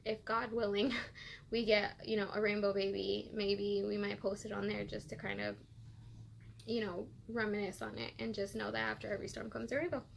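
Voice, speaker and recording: A woman's voice: mid-range voice, normal speed, vocal fry, a little hiss or hum. A woman vlogger telling a personal story in a rambling way with many fillers, close to tears. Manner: rambling, filler-heavy, emotional. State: tearful, close to crying.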